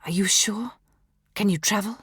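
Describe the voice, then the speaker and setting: A gentle, protective mother speaks in soft, calming questions to her grown daughter, read by a woman narrating an audiobook. The voice sits at an ordinary middle pitch. The recording is close and dry, with no room sound. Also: normal speed, slightly rough, no echo. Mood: soothing.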